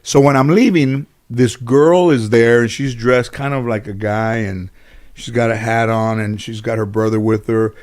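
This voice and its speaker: Long, rambling anecdotes come from a man being interviewed, who performs other people's lines as he tells them. He speaks casually, restarting often and leaning on "you know." His mid-range, darkish voice keeps a steady tone at normal speed.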